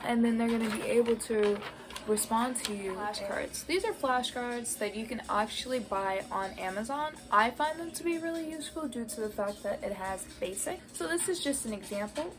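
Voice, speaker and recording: An American woman vlogging casually about learning a language, earnest and encouraging as she shares tips. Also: fairly high pitch. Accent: American English. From United States. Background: background music.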